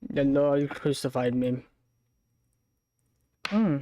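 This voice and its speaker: A woman livestreamer joking and reacting in a casual stream, with loud outbursts and swearing. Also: extremely low pitch, very slow, no room sound.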